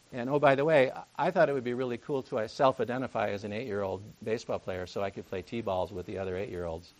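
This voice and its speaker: A man preaching a conversational sermon, full of jokey asides and rhetorical questions to the congregation. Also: medium pitch.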